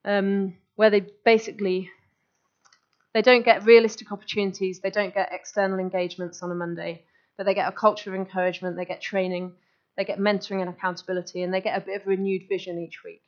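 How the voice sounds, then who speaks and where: A woman speaking to a gathered audience in a keen, conversational way, often breaking off and restarting her thoughts. Her voice sits at an ordinary middle pitch. The recording is dull and lo-fi. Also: level tone. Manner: enthusiastic, chatty, quick restarts. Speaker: guest speaker. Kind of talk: live talk to an audience. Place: meeting room with audience.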